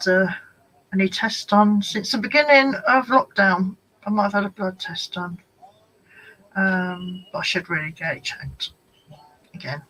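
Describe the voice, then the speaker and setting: A woman's voice: mid-range voice, fairly bright tone, low-quality recording. A woman hosting a casual live-stream chat from home, rambling and talking to commenters by name. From United Kingdom. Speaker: craft channel host.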